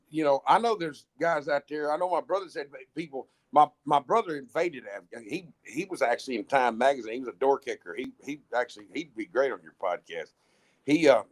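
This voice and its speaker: A man's voice: a little high, brisk. A man telling stories in a rambling, blunt way, often restarting his sentences. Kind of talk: casual storytelling chat.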